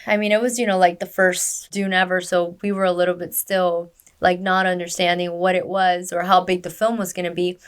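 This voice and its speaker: A woman's voice: on the low side, a little fast, hardly any pauses, clear, resonant tone. A woman, a stunt performer, telling her story in a casual interview, acting out quoted lines with lots of fillers. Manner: animated, acts out quoted dialogue, many fillers.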